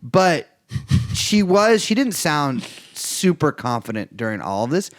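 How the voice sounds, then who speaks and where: A man's voice: fairly high pitch, very animated, a little slow. A young man from the East Bay co-hosting a podcast, talking casually and profanely with lots of restarts. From East Bay, California. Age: young adult. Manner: rambling, stumbling restarts, profane. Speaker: podcast co-host. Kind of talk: casual political chat.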